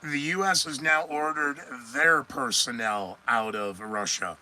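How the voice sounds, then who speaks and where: Slow, bright-voiced man hosting a podcast. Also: medium pitch, steady tone, a little hiss or hum, rough recording. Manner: sarcastic, rambling, talks back to himself. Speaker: podcast host. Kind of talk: solo news commentary podcast.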